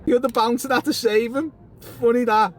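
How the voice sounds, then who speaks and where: A man's voice: very high voice, brisk. Mocking scouse man filming outdoors. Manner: mocking, excitable. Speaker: street filmer. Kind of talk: live street commentary.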